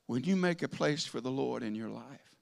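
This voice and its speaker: A man's voice: mid-range voice, expressive, normal speed, vocal fry. A man preaching a sermon, telling folksy stories that rise into fervent preaching.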